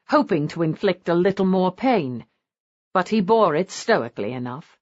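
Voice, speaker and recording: A woman narrating a romance audiobook in an expressive, animated reading. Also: on the low side, no room sound. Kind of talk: scripted narration. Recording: slightly dull dry recording.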